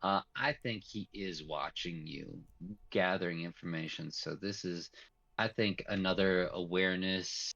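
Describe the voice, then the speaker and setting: A man's voice: low voice, a little slow, gravelly, bright, forceful tone, highs cut off. A man running a tabletop game as game master, teasing the players playfully.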